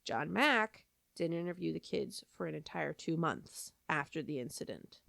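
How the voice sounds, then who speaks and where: A woman with a somewhat low voice tells a story as a podcast co-host, chatty and self-deprecating, with plenty of ums and likes. The sound is dry and close, with no room echo. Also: lively intonation, normal speed, vocal fry, fairly bright tone.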